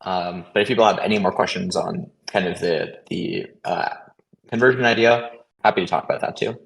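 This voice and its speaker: A man giving a casual update on a community voice call, talking quickly with lots of fillers and restarts. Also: deep voice, steady tone, vocal fry, rough recording. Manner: hesitant, many fillers and restarts; fast, caffeinated talk. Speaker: protocol contributor hosting a community call.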